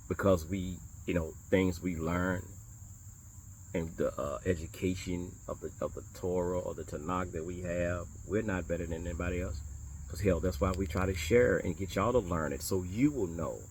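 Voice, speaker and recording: A man with a very deep voice talks to his viewers as a small congregation's minister. He is animated and blunt, repeating lines for emphasis and swearing as he challenges listeners. Crickets chirp faintly in the background. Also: normal speed, slight background noise. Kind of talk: casual religious talk to viewers.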